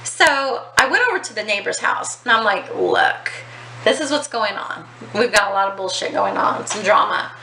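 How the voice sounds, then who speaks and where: Bright chatty woman telling a story. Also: mid-range voice, brisk, vocal fry, hardly any pauses. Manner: chatty, swearing, many ums and likes. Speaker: vlogger. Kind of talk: casual storytelling. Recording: echoey with faint outdoor noise.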